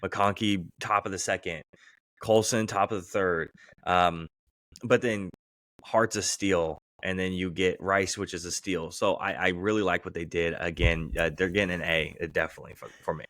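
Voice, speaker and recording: A man co-hosting a podcast, chatting casually about sports with a relaxed manner and plenty of fillers. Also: deep voice, moderate pace, no echo, clean studio sound. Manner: relaxed, fillers, animated when retelling stories. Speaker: podcast co-host.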